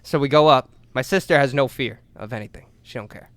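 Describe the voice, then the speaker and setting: A young man co-hosting a podcast, telling a long story in a loose, profane way, acting out voices and shouting at the big moments. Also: mid-range voice, a little fast, dry recording. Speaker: podcast co-host. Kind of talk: casual storytelling chat.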